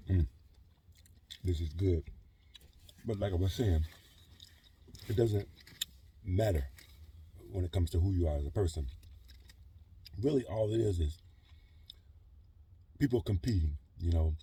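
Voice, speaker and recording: A man's voice: deep voice, mellow, a little hiss or hum. A middle-aged man talking in a rambling vlog monologue, full of "you know" and "whatever", from his truck camper. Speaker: vlogger living in a truck camper. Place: truck camper in a trailer park.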